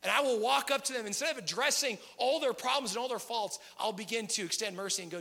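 A man preaching in a high, bright, tense voice with a gravelly edge. His sermon moves from casual talk to loud, passionate peaks. The hall gives a long, ringing reverb. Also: fast talker. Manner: passionate, conversational preaching with rising emphatic peaks. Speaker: pastor.

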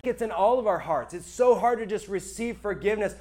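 This high-voiced male pastor gives a sermon to a live crowd, sounding animated, a little fast, and a little mellow. He keeps things conversational and emphatic, regularly checking in with the people listening.

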